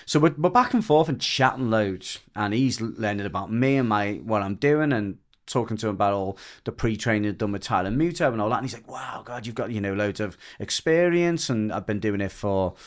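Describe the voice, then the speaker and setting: A man from the UK, a dog trainer guesting on a podcast, telling a story in rambling, animated casual chat full of restarts. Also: fairly low pitch, a little fast, few pauses. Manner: rambling and animated, with frequent restarts and lively mimicry of others.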